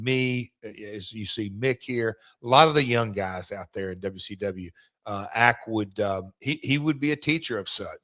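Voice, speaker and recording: A middle-aged former wrestler with a lowish, fairly bright voice co-hosts a casual podcast. He tells rambling road stories and often restarts his sentences.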